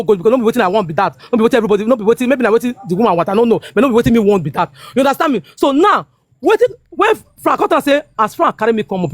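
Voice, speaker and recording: A woman's voice: on the high side, no echo. A Nigerian woman in her fifties talking heatedly and emphatically, repeating herself and checking that she is understood. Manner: emphatic, repetitive, keeps asking "you understand me?". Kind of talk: heated casual talk in Pidgin-laced English.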